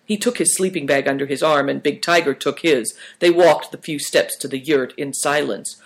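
A reader narrating a storybook in a calm, even voice. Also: mid-range voice, moderate pace.

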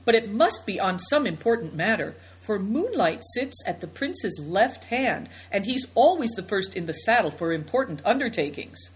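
A woman's voice: mid-range voice, very animated, lightly acted. A woman reading the part of a passionate young girl who protests with strong feeling, in a storybook. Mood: eager. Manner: emotional, quick to protest.

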